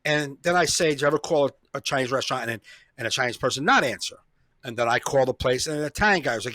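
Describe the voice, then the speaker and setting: Male podcast host, comedian, bright edge, dry close sound, profane storyteller. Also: mid-range voice, expressive, fast, no echo. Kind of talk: casual chat.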